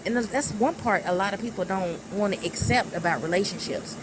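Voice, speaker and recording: A woman's voice: medium pitch, fairly quick, noisy background. A woman guest talking emphatically and bluntly in a casual chat. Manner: outspoken and emphatic, laughs.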